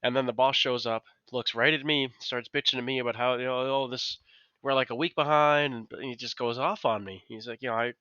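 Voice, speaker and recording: A man co-hosting a casual podcast, telling animated work stories and swearing freely. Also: mid-range voice, brisk, dry recording, dull audio. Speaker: podcast co-host. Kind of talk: casual chat.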